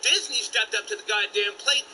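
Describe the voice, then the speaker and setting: Man, live stream host, brash and profane, bright sharp voice, faint hiss behind. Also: high-pitched, normal speed, low-quality recording. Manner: loud brash banter with profanity. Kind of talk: call-in live stream show.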